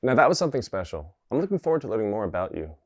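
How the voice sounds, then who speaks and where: A man interviewing in a deadpan, formally polite way, talking fast with a lot of lift and fall in his voice. His pitch sits a little low, and the recording is close and dry. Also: no room sound, faint music behind.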